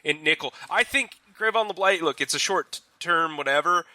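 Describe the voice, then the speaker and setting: A young man co-hosting a casual sports analysis chat, talking in quick animated bursts with frequent restarts. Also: a little high, no room sound. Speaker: sports reporter co-host.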